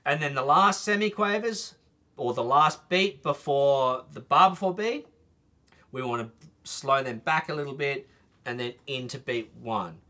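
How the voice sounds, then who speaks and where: A man's voice: medium pitch, expressive, measured pace, sharp tone. A man teaching a trumpet masterclass, explaining phrasing and singing short bits to demonstrate.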